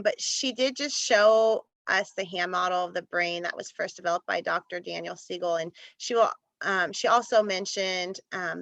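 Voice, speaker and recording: A woman's voice: mid-range voice, sharp tone, no echo, highs cut off. A woman leading a parenting workshop online, chatting in a loose, enthusiastic way. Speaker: parenting class facilitator. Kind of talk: casual online workshop presentation.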